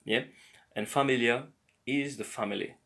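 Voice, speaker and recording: A man giving a slow, patient beginner language lesson, explaining words one by one. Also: medium pitch, bright, forceful tone. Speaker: language teacher.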